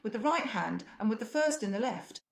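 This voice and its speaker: A woman's voice: on the high side, expressive, fairly quick, gravelly. Patient woman explaining piano technique. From Russia. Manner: patient, illustrative, sings phrases along. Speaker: piano teacher. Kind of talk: explanatory music lesson. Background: faint piano playing.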